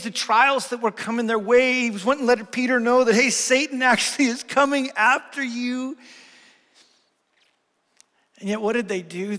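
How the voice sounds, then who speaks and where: Middle-aged guy pastor preaching, kinda high voice, earnest, gets loud then real quiet, long church reverb. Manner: earnest storytelling, swings from loud to hushed. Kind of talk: sermon.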